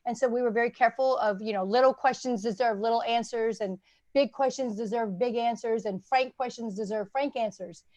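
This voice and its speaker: An older woman speaks as a guest in a relaxed conversation, earnest and rambling with many fillers. Her voice sits a bit high, recorded close and dry. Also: fairly quick, no echo. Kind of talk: casual chat.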